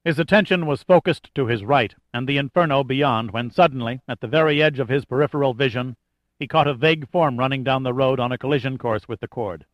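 A male audiobook narrator reading a thriller in a steady, even storytelling voice of middle pitch. The recording is dull and lo-fi, and bone dry with no room around it. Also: brisk, dry recording. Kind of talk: scripted narration.

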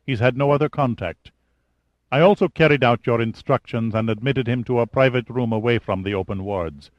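A man's voice: mid-range voice, fairly quick, no room sound, highs cut off, lightly acted. A man reading as an uneasy, deferential doctor. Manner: careful, subdued, deferential. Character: uneasy, servile male hospital doctor. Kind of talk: audiobook character reading.

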